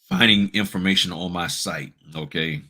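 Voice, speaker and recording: A man's voice: sits low, moderate pace, pushed and bright, slight background noise. A man hosting a notary business channel, talking casually and bluntly, firing off rhetorical questions in a colloquial way. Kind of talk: casual advice talk with screen walkthrough.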